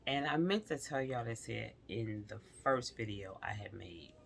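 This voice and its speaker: A woman vlogger telling a personal story in a casual, animated way, talking straight to her viewers and slipping into whispered asides. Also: extremely low pitch, normal speed, creaky, a little hiss or hum.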